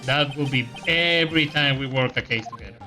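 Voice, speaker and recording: A woman's voice: very deep voice, brisk, recorded from a distance, music in the background. A woman voicing a young male defense lawyer with a dry, understated manner in a let's-play of a game.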